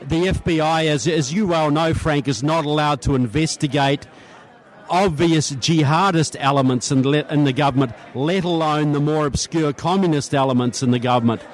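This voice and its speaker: A man's voice: fairly high pitch, moderate pace. A man from New Zealand with a New Zealand accent, a guest on a radio interview at a convention, earnest and often restarting his words. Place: radio row at a political convention.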